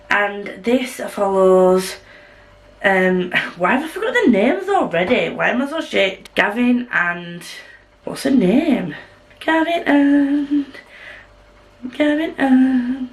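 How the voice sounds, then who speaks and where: Speaking at a medium pitch over poor audio, a vlogger with a Yorkshire accent chats casually to camera from home. The northern English woman rambles and pokes fun at herself.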